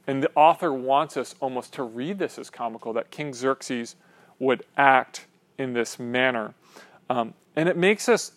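A man preaching a sermon in an animated, joking way, asking his listeners questions. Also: medium pitch. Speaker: pastor.

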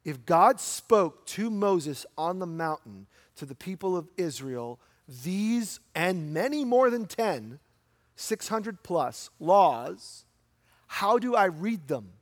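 A middle-aged man preaching a sermon in a church, conversational, asking rhetorical questions and slowing down for emphasis. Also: sits high, sing-song. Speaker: pastor. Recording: long hall reverb.

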